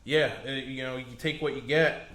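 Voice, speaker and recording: An American man co-hosting a podcast, chatting casually as an animated, playful storyteller who swears. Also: mid-range voice, moderate pace. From United States. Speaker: podcast co-host. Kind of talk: casual chat. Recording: echoey room.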